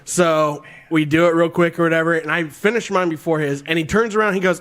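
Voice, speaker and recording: A man's voice: a little high, fairly quick. Laughing Ohio man telling a bar story. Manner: animated, acts out quotes, laughs often. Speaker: podcast co-host. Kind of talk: casual storytelling chat.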